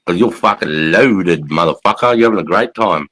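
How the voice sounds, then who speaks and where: A man's voice: low voice, animated, moderate pace, a crowd in the background. A man hosting a casual chat, bantering crudely with a lot of swearing. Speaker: host, army veteran.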